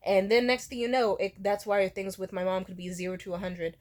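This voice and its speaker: A woman's voice: mid-range voice, flat delivery, a little fast, hardly any pauses. A young woman in her twenties telling a rambling, candid storytime vlog, swearing freely and slipping into quoted voices. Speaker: vlogger.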